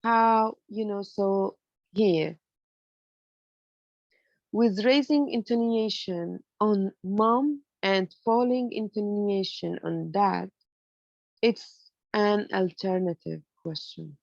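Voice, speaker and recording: A woman's voice: medium pitch, slow pace, vocal fry, long pauses, dry recording, dull audio. Woman teaching English grammar. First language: Arabic. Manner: explains in English mixed with Arabic, many fillers. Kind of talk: online lecture.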